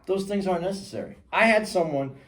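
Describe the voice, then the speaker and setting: A man co-hosting a podcast, speaking in a measured, reasoning way in casual discussion. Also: high-pitched, fairly bright tone. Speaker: podcast co-host.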